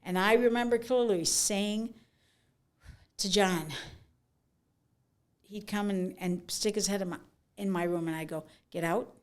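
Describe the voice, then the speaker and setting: A middle-aged woman author telling stories from her life in an interview, frank and animated, often acting out what people said. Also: medium pitch, unhurried, long pauses. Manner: frank, animated storyteller, acts out quotes. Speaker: author and guest. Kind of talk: conversational interview.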